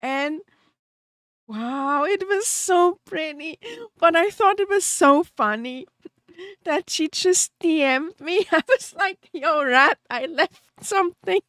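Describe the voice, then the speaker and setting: A woman's voice: extremely high pitch, animated, slow pace, a bit bright, dry recording. A woman VTuber streamer chatting casually with her viewers, giggly and openly emotional, laughing often and rambling with small restarts.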